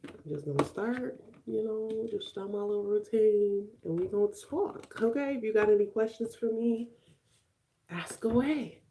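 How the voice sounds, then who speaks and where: A young woman from Chicago chats easily with her viewers as she gets ready, laughing often and reading their comments aloud. Her voice sits in a middle pitch, with a faint hiss of noise under the recording. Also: animated, moderate pace, dark tone. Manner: chatty, laughs often, reads and answers comments. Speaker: vlogger live streaming to viewers. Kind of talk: casual chat while doing makeup.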